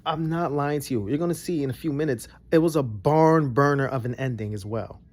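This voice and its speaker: A young adult man, giving casual reaction commentary that swings from low grumbles to excited bursts. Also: brisk. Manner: animated, jumps between low grumbles and high excited bursts. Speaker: vlogger reacting to a broadcast.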